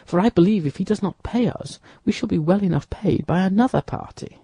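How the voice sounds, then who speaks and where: A man reading an audiobook, voicing a shrewd young musketeer who gives brisk commands. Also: high-pitched, animated, dark tone, breathy edge, dry recording, pitched above the performer's own voice, exaggerated voice.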